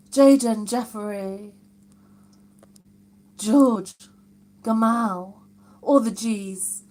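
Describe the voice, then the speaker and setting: A woman's voice: mid-range voice, a little mellow, a little hiss or hum. A woman hosting a casual live stream from home, reading viewer comments aloud and reacting with amused exclamations. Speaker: livestream host.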